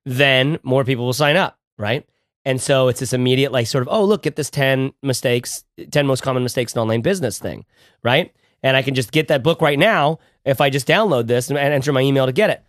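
A male podcast co-host chatting casually, animated and playful, talking in quick bursts. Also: medium pitch, no room sound, clean studio sound. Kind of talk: casual chat.

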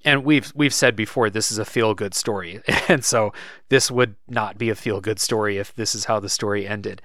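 A man's voice: lowish voice, normal speed, dry recording, clean studio sound. A man in casual podcast chat, recounting a game's story with lots of fillers and restarts. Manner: relaxed, thinks aloud with many fillers. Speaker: podcast co-host.

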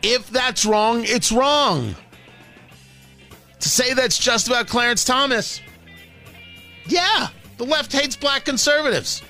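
A man's voice: extremely high pitch, lively intonation, takes it slowly, pauses often, pushed and bright, soft background music. A man hosting a talk radio show, delivering a brash, sarcastic opinion monologue full of rhetorical questions into a studio microphone.

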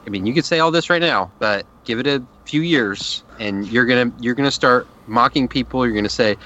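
A man's voice: medium pitch, fast talker, bright, forceful tone, slight background noise. A man from Texas co-hosting a podcast, chatting casually and making dry, sarcastic jokes. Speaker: podcast co-host. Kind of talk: casual chat.

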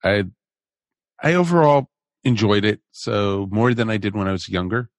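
A man's voice: lowish voice, animated, normal speed, no room sound, clean studio sound. A man hosting a casual podcast chat, joking around as he leads the group. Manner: jokey, leads the rating round. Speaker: podcast host.

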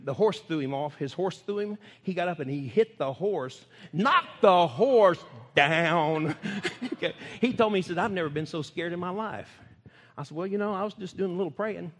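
With a high voice at normal speed, a man with a Texas accent recounts stories during a sermon. The style is folksy and lively, full of laughter, and the hall gives an echo.

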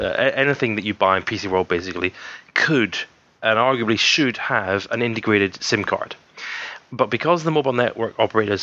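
Male co-host, low bright voice, rambling opinions, dull lo-fi sound. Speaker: podcast co-host. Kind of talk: casual chat. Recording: dull lo-fi recording.

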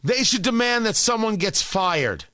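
Indignant high-voiced man, slow and sarcastic. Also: big pitch swings, sharp tone, dry recording, studio quality. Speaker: political commentator. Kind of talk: opinion monologue.

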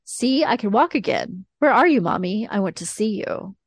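A woman's voice: mid-range voice, expressive, moderate pace, husky, no echo, clean studio sound. A woman voicing the eerie ghost of a little boy calling for his mother in a sing-song way.

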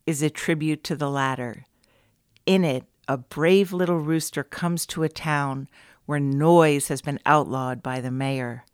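A woman hosting a podcast, reading scripted narration in a measured, polished way. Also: low voice, clear, resonant tone, dry recording, clean studio sound. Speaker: podcast host.

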